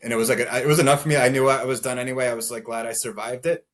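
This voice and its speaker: A young man in his late twenties sits as a podcast guest and tells his story casually at a mid pitch. He rambles, fills his sentences with "like", and laughs briefly even at grim turns. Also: racing. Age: 20s. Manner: rambling, many filler "like"s, laughs through dark moments.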